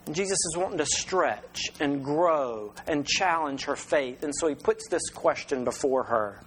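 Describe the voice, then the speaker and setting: A man's voice: on the high side, expressive, unhurried, hardly any pauses, slight background noise, rough recording. Conversational male pastor preaching. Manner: conversational preaching with restarts and rhetorical questions. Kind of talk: sermon.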